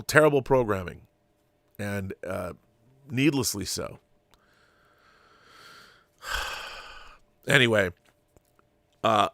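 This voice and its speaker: A man's voice: fairly low pitch, vocal fry, a bit bright, no echo. A man hosting his own channel, ranting in an exasperated, sarcastic and profane monologue. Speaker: channel host. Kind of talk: opinion commentary monologue.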